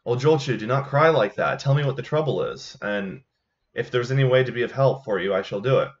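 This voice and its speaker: A man's voice: mid-range voice, animated, a little fast, far from the mic, lo-fi sound, natural voice. A man doing a kind old merchant, pleading.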